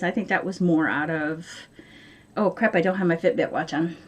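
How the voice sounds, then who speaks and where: A woman's voice: on the low side, moderate pace, a little hiss or hum. A woman vlogging from home in a rambling, chatty way, full of fillers. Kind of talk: casual chat to camera.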